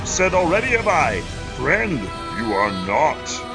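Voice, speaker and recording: A man voicing a small, wise, ancient alien Jedi master who speaks slowly with inverted word order. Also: a little high, big pitch swings, gravelly, over music, heavily acted. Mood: cryptic.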